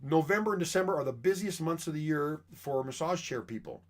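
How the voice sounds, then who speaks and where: A man's voice: on the high side, animated, brisk. A middle-aged man from Canada, a chiropractor and massage chair dealer, rambling chattily in a casual monologue full of fillers.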